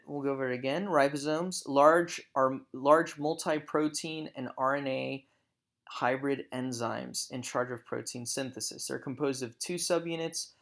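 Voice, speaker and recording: Bright-voiced man lecturing on slides. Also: medium pitch. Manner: explanatory, with small self-corrections. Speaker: professor. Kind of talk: recorded lecture over slides.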